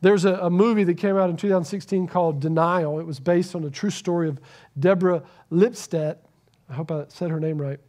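A man with a high, light voice preaching a sermon in a church. He is earnest, pushing some lines out loudly and dropping others to a hush that is almost a whisper. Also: fairly even intonation, fairly quick. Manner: earnest, swings from loud emphasis to hushed near-whisper. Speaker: pastor.

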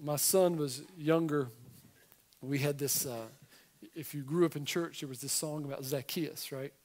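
A man in middle age delivering a sermon with animated emphasis, stopping for casual asides to the people in front of him. His voice sits high for a man. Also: measured pace. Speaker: pastor.

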